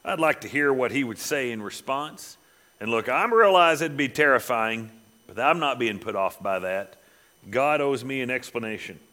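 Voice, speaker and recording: A man preaching a sermon, reading scripture dramatically and dropping to quiet, pointed asides. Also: mid-range voice, expressive, moderate pace.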